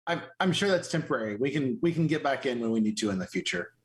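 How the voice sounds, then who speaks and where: A man's voice: mid-range voice, lively intonation, fast. A man playing in a tabletop game, describing his character's actions in a hesitant way, repeating words. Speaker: player. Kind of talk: casual tabletop play.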